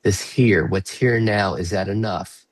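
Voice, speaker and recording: A man leading an online workshop over a video call, asking slow, gentle, inviting questions and now and then breaking into playful bursts. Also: fairly low pitch, dry recording, rough recording. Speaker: workshop facilitator. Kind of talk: guided reflective workshop talk.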